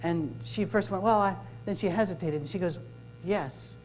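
A minister with a high voice tells stories at a moderate pace, acting out dialogue and joking through a sermon-style workshop talk. His tone is a little mellow, soft music plays in the background, and the audio is poor.

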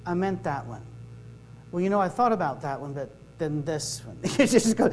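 A man's voice: fairly high pitch, animated, normal speed, a little mellow, poor audio. A man, a minister giving a sermon-style workshop talk, telling stories, acting out the dialogue and joking. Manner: storytelling, acts out dialogue, joking.

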